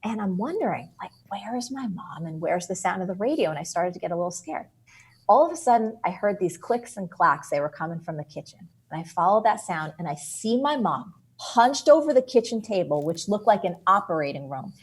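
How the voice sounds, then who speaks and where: A middle-aged woman from New Jersey, a guest author telling an animated story in an interview. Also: on the low side, brisk, slightly rough. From New Jersey, USA. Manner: lively, expressive storyteller.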